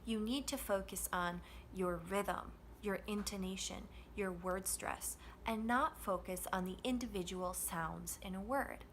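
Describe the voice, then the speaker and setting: A woman teaching an English pronunciation lesson, modeling stress and rhythm with slow, deliberate phrasing. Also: medium pitch, a bit bright, a little hiss or hum.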